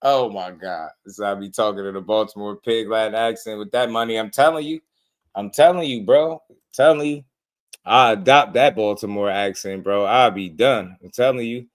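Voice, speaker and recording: A man's voice: on the low side, moderate pace. Laid-back man riffing on clips. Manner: slangy, laughing, rambling. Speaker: boxing channel host. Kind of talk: casual reaction commentary.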